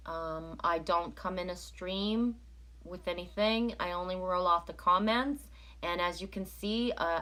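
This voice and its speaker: A woman's voice: on the low side, pushed and bright. A woman from Canada chatting casually on a live stream, rambling as she reads out viewer comments and oracle cards.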